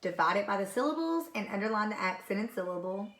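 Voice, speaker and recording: A woman's voice: medium pitch, lively intonation, fast, fairly bright tone. A woman teacher giving a recorded phonics lesson to young pupils, patiently repeating each word. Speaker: third grade teacher.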